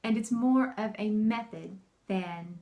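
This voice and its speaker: A homeschooling mom talking casually to camera, chatty and animated, laughing often and acting out the bossy and cheerful voices she uses with her kids. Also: medium pitch, slow pace, faint music behind.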